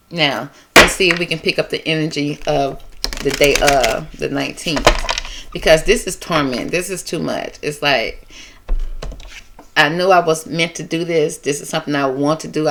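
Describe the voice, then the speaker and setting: A woman with a low, deep-set voice reads tarot cards in a loose, conversational monologue, with features. She repeats phrases and lingers on words as she works through each card. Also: a bit bright, a little hiss or hum. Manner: conversational, repetitive, emotive, drawn-out phrasing. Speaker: tarot reader. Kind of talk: casual tarot reading monologue.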